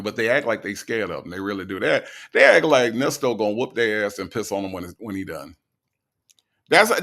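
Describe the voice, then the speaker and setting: A man from the American South hosting casual reaction commentary, animated and mocking, with a gravelly voice. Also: lowish voice. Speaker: commentary channel host.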